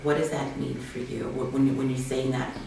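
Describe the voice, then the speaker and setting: A woman with a strikingly deep voice asks her guest earnest, heartfelt questions. The sound is roomy and distant, with faint ambience behind her. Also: level tone, brisk, gravelly, dark tone, slight background noise. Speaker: interviewer. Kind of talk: interview.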